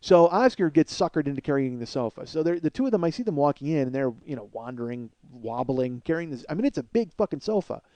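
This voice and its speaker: Male podcast host, higher voice, dry recording, profane comic storyteller. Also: fast, few pauses, no room sound, highs cut off. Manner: profane, animated storyteller addressing listeners as folks. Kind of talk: comedic storytelling monologue.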